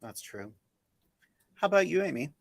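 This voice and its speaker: A man hosting a podcast, casual and jokey, animated and quick to laugh. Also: fairly high pitch, gravelly, slight background noise. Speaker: podcast host. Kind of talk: casual chat.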